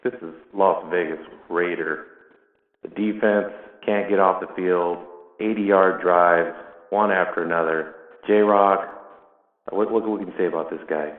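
A very deep-voiced man rants with exasperation about his team as a caller. He comes through a tinny phone line with a roomy echo and a long reverb tail. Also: fairly even intonation, unhurried. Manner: exasperated, complaining. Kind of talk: frustrated fan rant.

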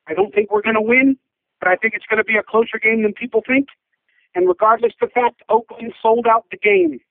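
A man's voice: high-pitched, no echo. A man calling in to a fan radio show, proud and fired up about his team. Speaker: fan caller. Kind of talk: call-in message. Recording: tinny phone line.

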